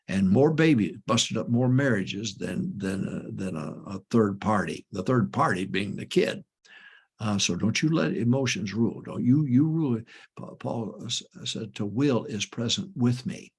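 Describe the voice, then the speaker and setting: A man's voice: lowish voice, moderate pace, breathy edge. An older man, a pastor, giving folksy advice to church couples in an emphatic way, repeating his warnings and telling homespun stories. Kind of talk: folksy ministry advice talk.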